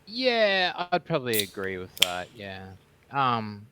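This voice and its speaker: A man with an Australian accent, a guest on a voice chat, talking hesitantly with many pauses. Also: mid-range voice, huge pitch swings, very noisy. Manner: hesitant, full of ums and restarts. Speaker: call-in guest. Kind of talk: casual voice-chat debate.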